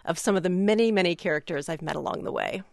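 A woman hosting a public radio news show, measured and conversational, in a studio. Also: fairly low pitch, lively intonation, creaky, noisy background.

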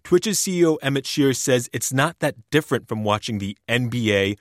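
A man's voice: mid-range voice, expressive, moderate pace, dry recording. Man reporting in a dry studio. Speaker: radio news reporter. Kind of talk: scripted news narration. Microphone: studio mic.

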